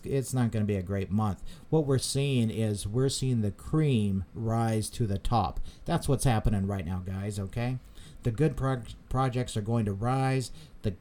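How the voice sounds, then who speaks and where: A man's voice: fairly low pitch, warm tone, slight background noise. A man hosting a live stream, chatting casually and reading out viewer comments, rambling with many repeated words and fillers. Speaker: crypto channel host.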